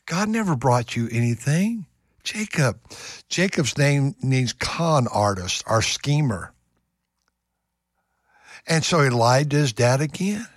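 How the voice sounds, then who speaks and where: Earnest preacher, dry close voice. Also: male voice, mid-range voice, sing-song, measured pace, no room sound. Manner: earnest, repeats words when stirred up. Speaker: pastor. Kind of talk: radio sermon with scripture reading.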